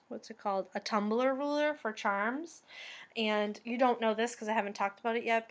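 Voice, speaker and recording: A crafting vlogger, a young woman with a Boston accent, chats casually and ramblingly about her knitting and sewing projects, saying "um" a lot. Her voice is medium-pitched and fairly bright.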